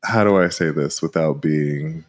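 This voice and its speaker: Slow, deep-voiced man. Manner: measured, careful, hedging with ums. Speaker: podcast co-host. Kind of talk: casual chat.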